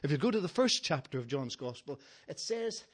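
A man preaching a sermon, emphatic and building his points through repeated phrases, with touches of gentle humour. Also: fairly high pitch, very animated, brisk.

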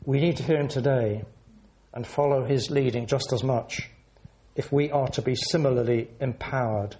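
A man preaching a sermon in an earnest, measured teaching manner, leaning into words for emphasis. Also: mid-range voice, steady tone, warm tone.

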